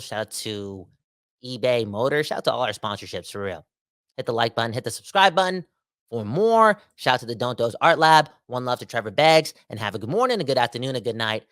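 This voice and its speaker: A Canadian man hosting a sports podcast solo, talking in an animated, slangy, emphatic way and repeating himself for effect. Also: mid-range voice, fast. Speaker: podcast host. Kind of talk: casual sports podcast rant.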